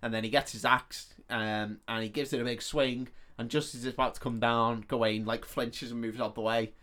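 A man on a podcast, casually retelling a film plot with swearing and quick voiced-out lines for each character. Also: medium pitch, steady tone, fairly bright tone. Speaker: podcast co-host.

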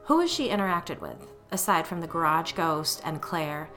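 A woman's voice: low voice, big pitch swings, a bit bright, faint music behind. A woman voicing a worried young mother. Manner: worried, quick to snap. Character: anxious protective young mother, the narrator.

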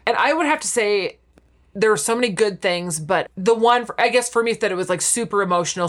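A woman chatting casually as a podcast co-host, retelling scenes with acted-out quotes and frequent laughter. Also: lowish voice. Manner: animated storytelling, acting out quotes, laughing often. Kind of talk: casual chat about a TV show.

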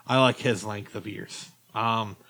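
A man's voice: lowish voice, steady tone, a little slow, creaky, bright, forceful tone. A man co-hosting a podcast, talking easygoingly with frequent hesitations. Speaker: podcast co-host. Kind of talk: casual chat.

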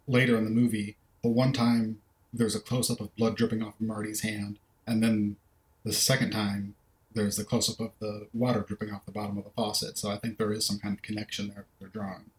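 A man's voice: lowish voice, echoey room, poor audio. A man co-hosting a film podcast in casual discussion, thoughtfully recounting scenes in detail. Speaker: podcast co-host.

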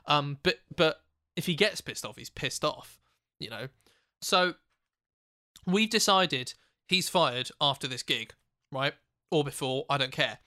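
A man spins a rambling, sweary anecdote on a podcast. His voice is bright and forceful and sits a little high, recorded dry and close in a studio. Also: a little slow, pauses often, dry recording. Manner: animated, sweary anecdote telling. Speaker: podcast co-host. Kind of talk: casual storytelling chat.

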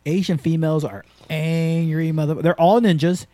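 A man hosting a casual podcast, telling loose, swear-heavy stories with lots of energy. His voice has a dark, mellow tone, and the sound is dry and close with no room echo. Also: a little high, normal speed. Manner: profane, animated storytelling. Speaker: podcast host and skydiving instructor.

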